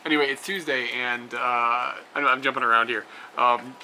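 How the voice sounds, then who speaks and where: A man's voice: mid-range voice, fairly even intonation, moderate pace, pushed and bright, rough recording. A young man talking casually to his camera outdoors, rambling with fillers and laughing often. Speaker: travel vlogger. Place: outdoors by roads and rest stops. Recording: outdoor camera audio with clear traffic noise.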